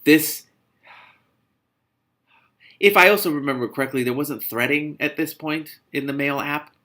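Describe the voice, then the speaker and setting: Bright and forceful, a little slow, the man's voice alternates between muttered, low narration from a novel and his own comedic asides. Those asides are sarcastic and exasperated, and he swears freely throughout.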